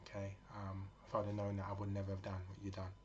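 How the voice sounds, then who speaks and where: A man voicing a sharp, bossy woman shop worker who speaks in curt orders. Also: sits low, completely flat delivery, fast, natural voice. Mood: apologetic. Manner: curt and commanding. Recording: dull lo-fi with faint noise.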